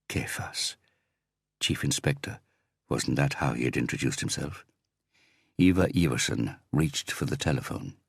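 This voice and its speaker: A man narrating a crime audiobook in a steady, even manner. His voice is very deep with a rough, gravelly grain, recorded dry and close. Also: measured pace, long pauses, no room sound. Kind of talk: scripted narration.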